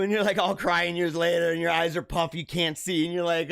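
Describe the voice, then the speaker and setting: A man's voice: high voice, measured pace, gravelly, long pauses, no room sound, clean studio sound. A man hosting a live show, joking and laughing as he riffs on a news story. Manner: jokey, animated, laughs often. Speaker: show host. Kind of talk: livestream commentary.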